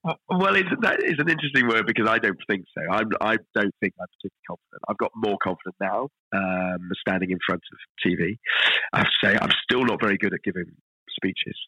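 A middle-aged man, a chef guest telling stories in a relaxed podcast interview, self-deprecating and full of restarts. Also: fairly low pitch, fast talker, slightly rough, dry recording, poor audio. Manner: chatty, self-deprecating storyteller with frequent restarts.

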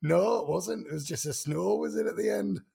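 Gravelly, husky man teasing. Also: high-pitched, moderate pace, dark tone. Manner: teasing, giggly. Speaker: podcast host. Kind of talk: casual chat.

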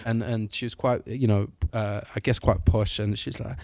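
A man's voice: fairly low pitch, fairly even intonation, normal speed, hardly any pauses, a little mellow, no echo. A man hosting a podcast outdoors, joking and laughing through casual chat on a handheld mic. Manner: playful, joking, laughs often. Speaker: podcast host. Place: outdoors under a big wheel on a cold day. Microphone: handheld interview mic.

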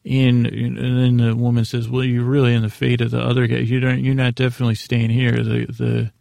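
A man's voice: mid-range voice, completely flat delivery, brisk, vocal fry, a little mellow, no echo. A man casually recapping a TV episode on a podcast, rambling and paraphrasing scenes with lots of fillers.

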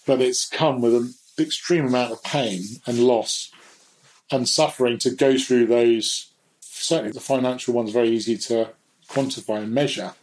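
A man's voice: mid-range voice, darkish tone, rough recording. Reflective man speaking candidly. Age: adult. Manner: reflective, candid, laughs at himself. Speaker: guest. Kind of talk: candid conversational chat.

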